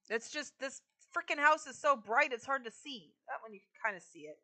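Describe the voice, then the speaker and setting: Bright-voiced woman chatting on a game stream. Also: high voice, normal speed. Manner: chatty, talks to chat while decorating. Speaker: live streamer. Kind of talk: casual game-stream chat.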